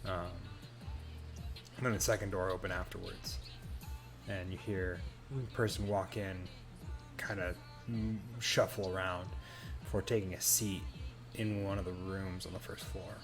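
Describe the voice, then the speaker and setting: A man narrating as game master of a tabletop game, relaxed and meandering. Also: sits low, unhurried, pauses often, music in the background.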